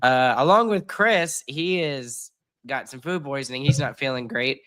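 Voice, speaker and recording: Congested and under the weather, a U.S. podcast host rambles through a laid-back sports episode, full of fillers and jokes at his own expense. He speaks unhurriedly in a medium-pitched voice that sounds pushed and bright.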